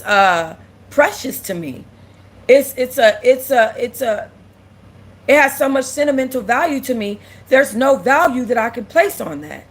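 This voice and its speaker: Tearful young woman talking to viewers. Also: fairly high pitch. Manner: candid, repeats herself, reads and answers viewer comments. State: close to tears. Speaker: livestream host. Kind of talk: emotional casual livestream talk.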